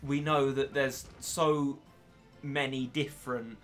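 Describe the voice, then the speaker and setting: A man's voice: medium pitch, flat delivery, slow pace, fairly bright tone, soft background music. A young English man streaming a game with casual, rambling, self-deprecating chat and frequent laughs. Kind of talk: casual gaming commentary.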